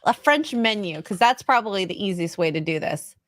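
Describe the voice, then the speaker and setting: A woman co-hosting a casual podcast chat, jokey and animated, often slipping into quick mock voices. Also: medium pitch, no echo. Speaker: co-host.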